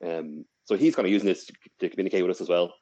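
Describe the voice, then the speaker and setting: Deep-voiced Irish man telling a rambling story. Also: steady tone, very fast, mellow, lo-fi sound. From Ireland. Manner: rambling, with frequent restarts and fillers. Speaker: podcast co-host. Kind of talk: casual storytelling.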